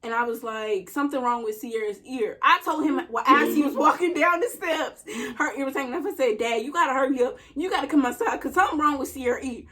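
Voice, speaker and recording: A young woman with a high, light voice tells a story in casual chat. She is animated and often breaks into laughter while acting out quotes. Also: fast talker, hardly any pauses. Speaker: co-host telling a story.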